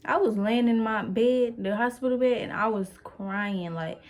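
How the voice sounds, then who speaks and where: A woman's voice: on the high side, a little slow. A young woman telling a personal story in a casual, rambling way, full of fillers and playful asides to the viewer. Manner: chatty, rambling, with many fillers. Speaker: vlogger.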